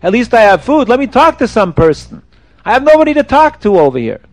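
A man voicing a lonely imprisoned king who calls out and pleads loudly for help. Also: extremely high pitch, moderate pace, no echo, pitched above the performer's own voice. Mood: pleading.

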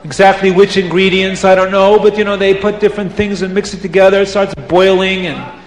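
High-voiced male storyteller in an echoey hall. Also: quick pace, a little hiss or hum. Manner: animated, dramatic narration. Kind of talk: storytelling to children. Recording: roomy hall reverb.

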